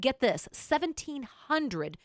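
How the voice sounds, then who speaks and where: A woman with a Southern American accent co-hosting a radio talk show, reading news stories aloud in a teasing, animated way. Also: sits high, takes it slowly, no room sound, studio quality. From Southern United States.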